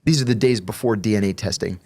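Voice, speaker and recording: A man, a guest on an interview show, telling profane stories in a casual, animated way. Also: lowish voice, fast talker, slightly rough. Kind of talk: casual storytelling.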